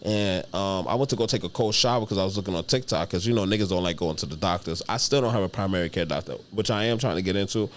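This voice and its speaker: Slangy New comedian man, animated. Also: deep voice, quick pace, hardly any pauses, a little hiss or hum. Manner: animated, slangy, profane storytelling. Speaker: guest comedian. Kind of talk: casual storytelling interview. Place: podcast studio.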